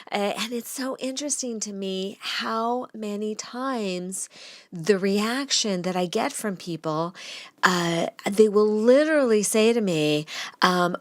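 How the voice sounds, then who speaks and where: A woman dog trainer giving casual advice in a podcast, talking bluntly and teasing her listeners, with lively jumps in pitch. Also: unhurried, no room sound. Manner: chatty and blunt, with playful teasing; animated, with lively shifts in pitch.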